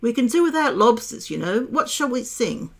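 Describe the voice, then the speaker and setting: A woman's voice: fairly high pitch, big pitch swings, normal speed, voice pushed up. A woman voicing a sorrowful, tearful male sea creature in a storybook reading, mournful and sighing.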